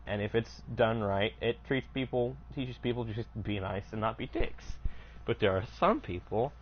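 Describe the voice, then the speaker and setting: A man's voice: medium pitch, muffled recording. A young man telling a rambling, profane story casually while playing a game, often cutting himself off. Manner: rambling, profane, self-interrupting. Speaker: gaming streamer.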